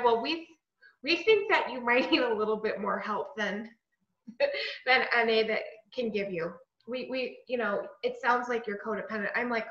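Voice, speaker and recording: A woman shares her recovery story in a high, bright voice. She acts out the dialogue with lively, chatty energy. Her voice rings in an echoey room on a dull, lo-fi recording. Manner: animated storytelling with quoted dialogue and frequent "like".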